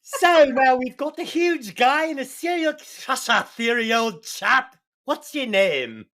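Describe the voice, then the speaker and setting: A man's voice: very high-pitched, lively intonation, takes it slowly, a little hiss or hum, voice pushed up, heavily acted. A man putting on a pompous fake-British detective. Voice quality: exaggerated, shaky fake British accent. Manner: drawling, loud, calls others old chap. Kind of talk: comedic amateur scene reenactment.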